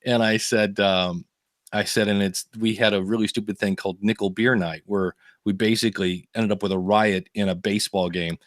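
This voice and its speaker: A man hosting a podcast, telling animated stories in casual chat and acting out the people he quotes. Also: fairly low pitch, moderate pace, no room sound, studio quality. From United States. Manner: animated storyteller, acts out quoted voices. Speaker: podcast host.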